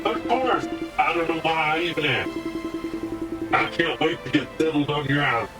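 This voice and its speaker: A man's voice: a little high, normal speed, recorded from a distance, loud music behind the voice, lightly acted. Man putting on a fawning scheming villager. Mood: wheedling. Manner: flattering, wheedling, theatrical.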